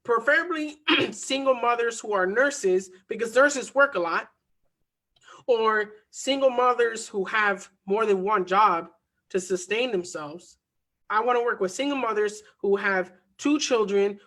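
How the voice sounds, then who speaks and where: A man with a high-pitched voice leads a motivational online coaching session on marketing and mindset at an unhurried pace. He stays energetic, repeating key phrases to stress them.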